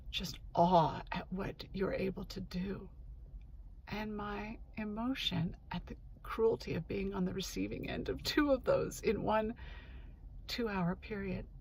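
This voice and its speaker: Sitting in her parked car in a parking lot, a woman hosting her own show tells a personal story in a candid, earnest monologue. Her mid-range voice is creaky and darkish, with a little hiss or hum in the audio.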